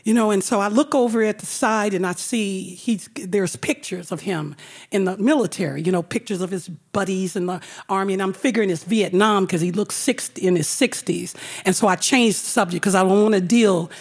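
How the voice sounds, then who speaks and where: Animated woman telling a personal story. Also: medium pitch, a little fast. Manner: animated, laughing asides.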